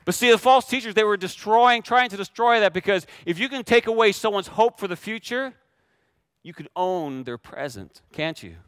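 High-voiced man preaching a sermon. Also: expressive, moderate pace, a bit bright, clean tone, no room sound. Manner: emphatic, repeats key phrases, rhetorical questions. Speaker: pastor.

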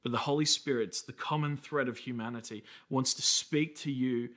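An Australian man in his thirties preaching a sermon as a pastor, telling stories in a conversational way with quick asides. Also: medium pitch, steady tone, a bit bright.

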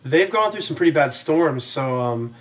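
A young man telling stories in a casual podcast chat, animated and rambling, with lots of fillers. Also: on the high side, moderate pace. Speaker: podcast co-host.

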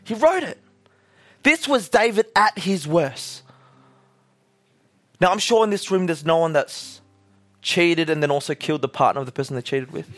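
A young male preacher with a notably high voice, telling the story loosely and casually. He slips into acted-out quotes as he goes, keeping the sermon conversational. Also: animated, moderate pace, long pauses.

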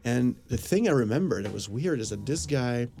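A man recounts a personal story in a loose, rambling way, filling it with fillers and acted-out bits of dialogue. His voice is gravelly and mellow, sitting at an ordinary pitch. Faint music plays underneath. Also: expressive, moderate pace. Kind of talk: casual anecdote. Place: Los Angeles area.

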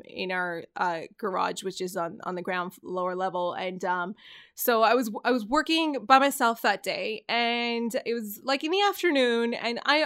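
A woman's voice: fairly high pitch, fairly bright tone, clean tone. A woman in her thirties telling a story in casual chat, earnest and rambling, often restarting her sentences. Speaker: podcast host.

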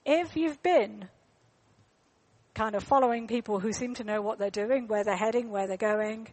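A woman's voice: on the high side, normal speed, darkish tone. A woman, telling a story in a sermon in a chatty way, with fillers and repeated words. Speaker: preacher.

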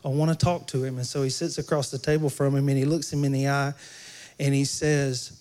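A man's voice: medium pitch, level tone, fairly quick, a little mellow. A man preaching a sermon in a church, talking conversationally and joking with the congregation. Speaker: pastor.

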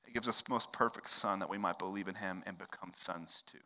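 A man preaching a sermon as pastor, swinging between loud, emphatic stretches and hushed, quiet ones. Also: sits low, fairly quick. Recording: long hall reverb.

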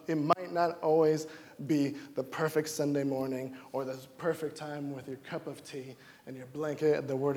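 A young man from Wisconsin preaching a sermon, telling personal stories in an animated way and acting out his own quoted lines. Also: on the high side. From Wisconsin, United States. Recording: long hall reverb.

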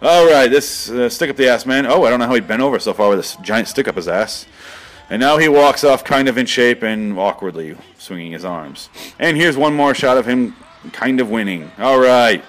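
A man at a middle pitch doing comedic play-by-play over a video. His delivery is deadpan and rambling, and it often breaks into excited outbursts. He sounds like a parody of a sports commentator. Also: a little fast.

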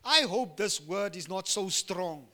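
A middle-aged male pastor preaching a sermon, swinging from hushed asides to loud emphatic lines and asking the congregation "Amen?". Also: sits high, animated, unhurried.

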